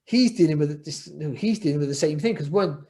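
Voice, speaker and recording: Middle-aged man, podcast guest, rambling and reflective, voice a touch high. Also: quick pace, darkish tone. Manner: rambling, repeats words and restarts often, reflective. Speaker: guest, former world champion boxer. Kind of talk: candid podcast interview.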